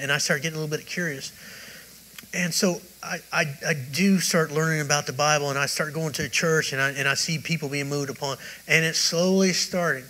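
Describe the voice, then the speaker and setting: High-pitched rambling preacher man. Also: bright, forceful tone, rough recording. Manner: rambling, conversational storytelling with many restarts. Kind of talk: sermon with personal testimony. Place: church service.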